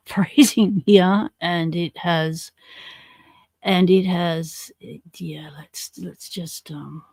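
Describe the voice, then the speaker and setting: A woman's voice: fairly low pitch, breathy edge, no room sound. An Australian woman hosting a livestream, chatting in a casual, slangy way as she greets viewers and reads out their comments. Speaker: livestream host.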